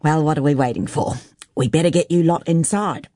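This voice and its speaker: Woman doing a blunt middle-aged countrywoman, folksy, brusque, low, dry close sound. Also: brisk, mellow, no echo, natural voice. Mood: brisk.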